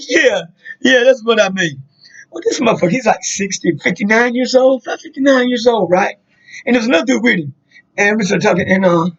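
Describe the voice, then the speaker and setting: A man's voice: sits high, creaky, fairly bright tone, slightly rough. A man, telling a rambling, profane story in a casual monologue, full of fillers. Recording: dull lo-fi sound.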